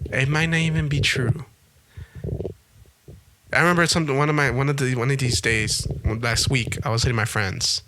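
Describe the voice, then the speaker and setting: A man's voice: mid-range voice, moderate pace, pauses often, sharp tone, a little hiss or hum. A young man hosting a podcast in a casual monologue, emphatic and repetitive, swearing freely. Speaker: podcast host.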